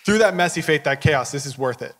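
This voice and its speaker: A man's voice: a little high, expressive, fast, fairly bright tone, long reverb tail. A man hosting a casual interview chat, asking rambling questions in a friendly, joking way. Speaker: live-stream host.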